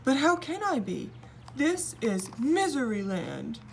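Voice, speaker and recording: A woman voicing a weepy male king who sobs and wails in a high, strained voice. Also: very animated, slow pace, creaky, a little hiss or hum, full character voice. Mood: sobbing. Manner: sobbing, wailing and high-pitched. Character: weepy wailing king, grown man.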